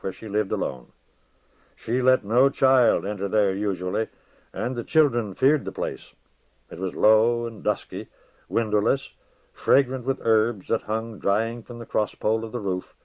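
A man reading a fantasy story aloud in a measured, steady way, his voice on the low side. The sound is dry and close, with a dull, lo-fi band. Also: no echo. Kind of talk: audiobook narration. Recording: dull lo-fi recording.

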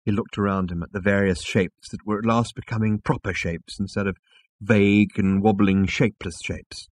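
A man narrating a storybook chapter in a slow, measured, dramatic reading. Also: on the low side, steady tone, dry recording. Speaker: audiobook narrator. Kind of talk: scripted narration.

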